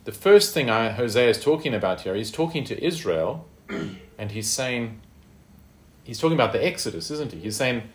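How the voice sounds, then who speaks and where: A man's voice: mid-range voice, sing-song, normal speed, reverberant. A man teaching a Bible study in a conversational way, with fillers and tag questions.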